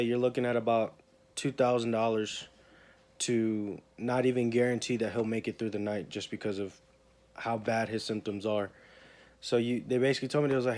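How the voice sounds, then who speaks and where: A man's voice: mid-range voice, a little mellow. A young man talks in a rambling, emotional way in a casual personal vlog. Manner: rambling, emotional, repeats himself. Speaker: vlogger.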